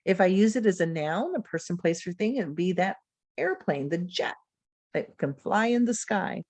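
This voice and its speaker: A woman's voice: on the low side, animated, moderate pace, darkish tone, no echo. Woman giving a teacher-training webinar. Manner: explanatory, modeling words and phrasing for students. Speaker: presenter. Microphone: computer mic on a video call.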